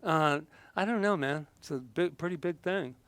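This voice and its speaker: A man giving a lively motivational talk with props, playful and laughing often, breaking into sudden exclamations. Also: fairly high pitch, normal speed, clear, resonant tone, dry recording.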